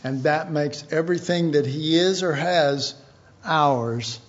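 Slow, folksy preacher man. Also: a little high, muffled recording. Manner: rambling, folksy, chuckles often. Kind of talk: informal sermon.

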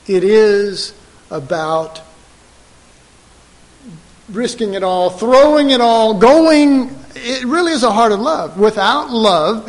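A man preaching a sermon, telling a story in an animated way and acting out the voices of the people in it. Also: high-pitched. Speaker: pastor. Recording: long hall reverb.

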